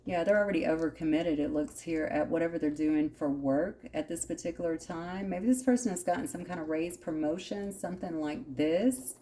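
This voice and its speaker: Low-voiced woman giving a tarot reading. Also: normal speed, hardly any pauses, mellow, a little hiss or hum. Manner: conversational, musing aloud, frequent asides. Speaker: tarot reader.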